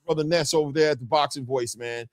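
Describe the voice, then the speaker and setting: A boxing show host chats casually on a live stream, reading viewer comments aloud and often ending lines with "man." He talks fast and animatedly, jumping in pitch to greet viewers, with no echo on the audio.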